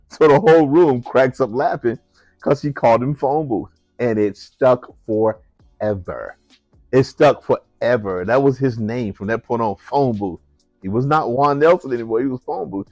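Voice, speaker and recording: A man, a musician, telling a personal story in an animated way, acting out the voices of the people in it. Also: mid-range voice, dry recording. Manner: animated, acts out voices, laughs while telling.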